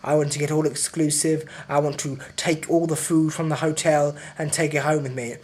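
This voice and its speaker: A man's voice: a little high, little pitch movement, moderate pace, a little mellow, natural voice. A man mimicking a greedy, cheap holidaymaker in a sneering parody voice. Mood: mocking.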